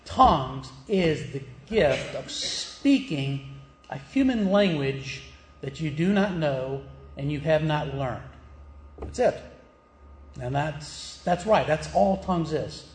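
A man's voice: a little high, reverberant, a little hiss or hum. A man from the American South with a Southern accent, preaching a sermon in a plain, emphatic teaching manner, asking the listeners questions. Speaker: pastor.

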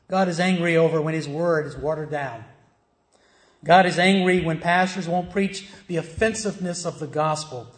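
A middle-aged male pastor preaching a sermon, emphatic, firing rhetorical questions and answering them himself. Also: high voice. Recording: echoey church room.

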